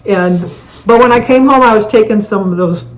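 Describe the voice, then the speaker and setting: A woman's voice: mid-range voice, brisk, rough recording. A woman in her seventies answering viewer questions in a casual chat, telling rambling stories and laughing through them. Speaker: co-host.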